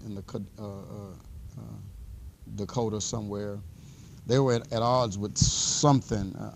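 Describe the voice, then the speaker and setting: A male math instructor lecturing in a classroom with a lowish, mellow voice. His delivery is loose and conversational, full of restarts and fillers as he wanders through a story. A faint hiss sits under the recording. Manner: relaxed conversational teaching.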